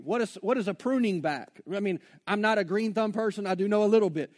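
High-voiced man preaching a sermon. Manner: conversational preaching, slows down to stress key phrases. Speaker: pastor. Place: church before a congregation.

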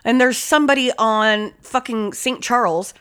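A woman's voice: fairly high pitch, moderate pace, fairly bright tone, clear, resonant tone. A woman hosting a casual chat, blunt and swearing constantly. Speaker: podcast host.

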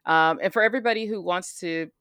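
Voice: medium pitch, fast, bright, forceful tone, clear, resonant tone, no echo, studio quality. A podcast co-host from the United States in casual chat, talking freely and often restarting sentences. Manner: chatty, trails off and restarts.

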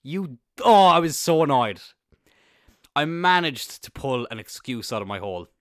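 A man's voice: fairly high pitch, normal speed, no room sound, studio quality. Rambling Irish young man telling a story. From Ireland. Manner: rambling, swears freely, bursts into excited laughter. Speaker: podcast host. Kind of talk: casual storytelling monologue.

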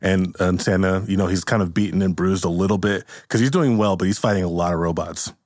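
A man hosting a podcast, narrating an improvised comedy story in an excitable, rambling way. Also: sits low, fast, no echo, studio quality. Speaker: podcast host.

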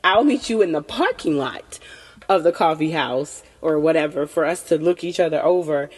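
A woman's voice: sits low, expressive, normal speed, a little mellow, breathy edge. A woman in candid casual chat, frank and profane, laughing often and a little tipsy. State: tipsy from tequila. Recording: long reverberant room.

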